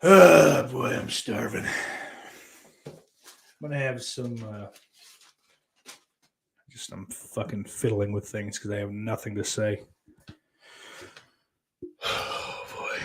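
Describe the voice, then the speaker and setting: A man's voice: fairly low pitch, a little mellow, slightly rough. A man hosting a casual podcast livestream, reading chat messages aloud and answering them in a rambling, sarcastic way with plenty of swearing.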